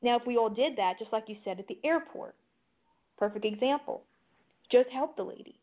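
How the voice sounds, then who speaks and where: A woman's voice: on the high side, brisk. A woman as a guest in a casual conversation, chatty and telling stories. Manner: chatty storyteller. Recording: dull lo-fi audio.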